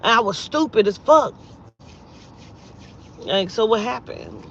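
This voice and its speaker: A blunt, foul-mouthed woman tells a story straight to her viewers, jumping from loud outbursts to low, muttered asides. Her voice sits at an ordinary middle pitch. The sound is dull and lo-fi, with a faint hum of a vehicle behind her. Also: lively intonation, takes it slowly. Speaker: vlogger and spiritual reader.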